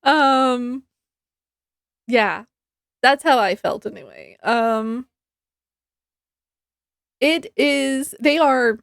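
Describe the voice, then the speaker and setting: Slow, chatty woman reviewing books. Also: high voice, no room sound, studio quality. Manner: chatty, rambling, many ums and restarts; laughs easily, acts out her reactions. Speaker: book reviewer. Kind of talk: casual book review vlog.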